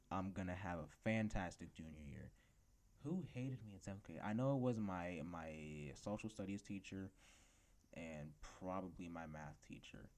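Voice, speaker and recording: Low-voiced teenage boy ranting casually. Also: a little mellow. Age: teens. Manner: rambling storytelling with many fillers. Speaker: podcast host. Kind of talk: casual rant.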